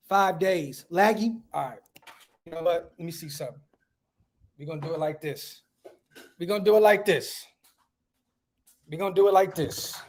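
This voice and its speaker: A man hosting a casual livestream podcast outdoors at home, talking in hyped slang and giving shout-outs to viewers. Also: fairly high pitch. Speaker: podcast host.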